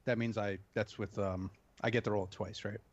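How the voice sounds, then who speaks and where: A man's voice: on the low side, level tone, a little fast, muffled recording. A man playing a tabletop game, chatty and asking rules questions. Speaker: player. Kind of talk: casual chat during a tabletop game.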